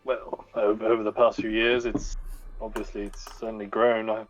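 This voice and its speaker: A man playing a gruff seasoned adventurer. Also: lowish voice, little pitch movement, moderate pace, muffled recording, soft background music, lightly acted. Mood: wry. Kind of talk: tabletop role-play in character.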